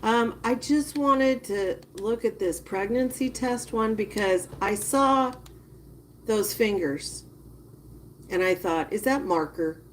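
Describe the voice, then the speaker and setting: A woman giving casual live-stream commentary, chatting with viewers and reacting with drawn-out disgust. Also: mid-range voice, slight background noise. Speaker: livestreamer.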